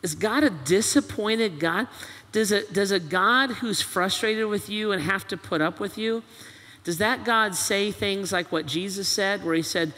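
High, bright-voiced preaching man. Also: unhurried. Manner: preaching with rhetorical questions and quoted voices, animated. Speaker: pastor. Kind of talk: sermon. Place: church auditorium. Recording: long church hall reverb.

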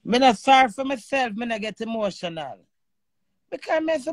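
A woman with a Jamaican accent hosting a live stream with callers. She is animated and emotional, and swears freely in patois. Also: on the high side, moderate pace, dry recording.

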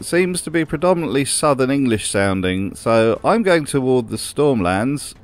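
Dry, sarcastic male narrator. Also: lowish voice. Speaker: host. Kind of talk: comedic video essay narration.

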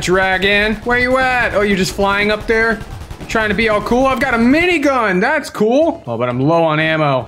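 A young man with a high, bright-sounding voice narrates his Minecraft gameplay for a gaming channel. He is excitable and playful, taunting enemies in a kid-friendly way. Faint music plays behind him.

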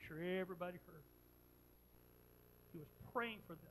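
In a mid-range voice at a moderate pace, a preacher recounts a story dramatically during a sermon, repeating phrases and shifting between booming emphasis and soft, sincere questions. Slight background noise and rough recording quality are audible.

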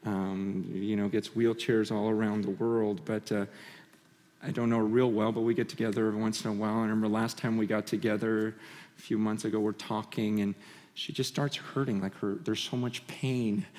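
A man preaching a conference sermon, impassioned and swinging between loud and hushed, often stammering and restarting phrases. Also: on the low side, flat delivery, a little fast. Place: conference hall. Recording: long reverb of a large hall.

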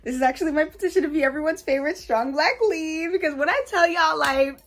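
Bubbly woman, high-pitched, casual vlogger chat. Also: fast talker, soft background music. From New York, USA. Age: 20s. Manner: bubbly, excitable, breaks into laughs and squeals.

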